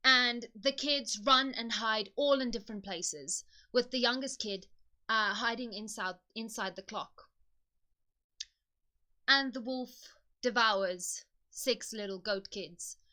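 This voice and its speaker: Bright-voiced woman retelling a fairy tale. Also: medium pitch. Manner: chatty, conversational narration. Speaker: book video host. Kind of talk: casual storytelling retelling.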